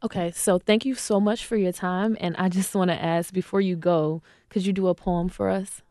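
A woman's voice: on the low side, steady tone, normal speed, warm tone, no echo. Lady podcast host, short n polite, dry close mic. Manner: brief and polite. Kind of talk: interview hosting.

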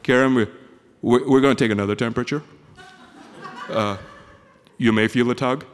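Brief: steady male ER doctor, deep and measured, put on by a man telling a story. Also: long reverb tail, slight background noise, natural voice. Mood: reassuring. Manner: measured, matter-of-fact, slight hesitations.

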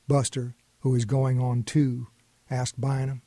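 A man telling a story in a calm, homespun way. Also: medium pitch, unhurried, dry recording. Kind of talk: storytelling narration.

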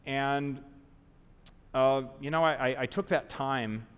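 A man in his forties from the American South telling a live story on stage in an animated, self-mocking way, acting out the people he quotes. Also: medium pitch, takes it slowly, clear, resonant tone. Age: 40s. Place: large theater stage before an audience. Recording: long theater hall reverb.

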